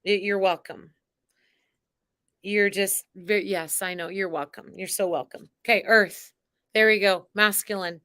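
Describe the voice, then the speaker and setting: A woman's voice: medium pitch, steady tone, a little slow, bright, forceful tone. A woman hosting a live spiritual card reading, talking in an exuberant, theatrical way with chanting and cheering.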